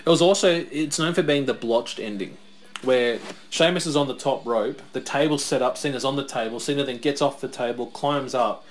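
Chatty guy hosting a watch-along, reads off facts, storytelling, mid pitch. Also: normal speed, slight background noise. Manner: chatty, reads out wrestler facts, tells stories. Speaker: podcast co-host. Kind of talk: casual watch-along chat.

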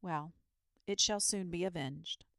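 A woman reading a storybook aloud, voicing a kind, grave knight with a gentle, courteous manner. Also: fairly low pitch, a little slow, no echo, clean studio sound. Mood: kindly.

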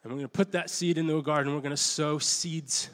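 A middle-aged male pastor delivers a sermon in a rambling, conversational storytelling manner, with frequent restarts and self-deprecating asides. His voice sits a little high for a man. A long reverb trails after each phrase, as if he is preaching in a church hall. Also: steady tone, fast talker, a bit bright.

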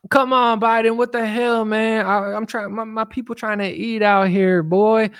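A man imitating a fed-up woman who complains loudly in slang, in a high, exaggerated voice. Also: steady tone, normal speed, clear, resonant tone, no room sound, studio quality. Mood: exasperated. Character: fed-up woman ranting at the president.

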